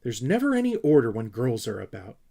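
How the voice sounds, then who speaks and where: A man's voice: mid-range voice, huge pitch swings, fairly quick, creaky, warm tone, heavily acted. A man voicing a fussy, self-important young male Snork creature who talks in a bossy, pompous way.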